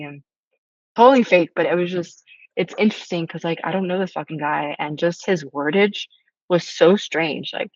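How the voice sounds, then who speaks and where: Low-voiced woman telling a story. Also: brisk, no room sound, lo-fi sound. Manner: animated, acts out quoted voices, swears casually. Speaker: panel guest. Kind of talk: casual storytelling in a discussion.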